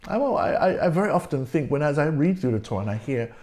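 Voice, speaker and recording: A man's voice: a little high, very animated, darkish tone. A male pastor preaching a sermon and reading scripture aloud, repeating key words for emphasis. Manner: reads scripture aloud slowly.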